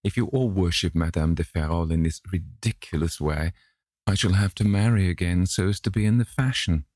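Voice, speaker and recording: A man's voice: low-pitched, brisk, a little mellow, no echo, studio quality. A man voicing a chatty, scolding elderly society hostess in an audiobook reading, with exclaiming, indignant lines.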